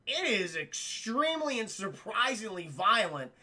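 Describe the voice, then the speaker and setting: A man streaming a casual spoiler-filled film review to live chat, animated and swearing freely as he acts out scenes. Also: sits high, measured pace.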